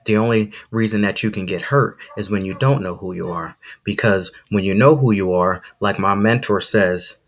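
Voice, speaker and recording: Man, low-pitched voice, podcast host, motivational monologue, preachy, emphatic, repeats for effect, addresses listeners. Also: moderate pace, hardly any pauses. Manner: preachy and emphatic, repeats phrases, says "see"; excited, talks to listeners directly. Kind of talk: motivational live-stream monologue.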